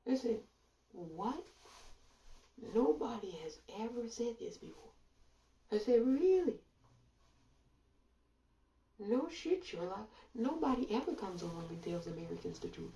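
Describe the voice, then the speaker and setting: A woman commentator delivering a sarcastic monologue full of rhetorical questions and drawn-out pauses. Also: mid-range voice, expressive, creaky, warm tone, far from the mic, slight background noise. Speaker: online commentator. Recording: roomy echo, voice away from mic.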